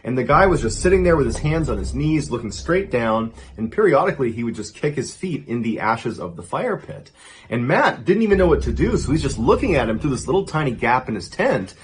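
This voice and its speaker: A young adult man narrating a story dramatically, building suspense and dropping to hushed tones. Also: mid-range voice, sing-song, a little fast, slight background noise.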